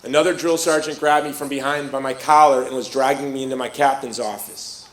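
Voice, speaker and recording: With a medium-pitched, brisk voice in a reverberant space, a middle-aged man from Chicago shares a personal story before a live audience. He's an animated storyteller who performs the voices of everyone he quotes.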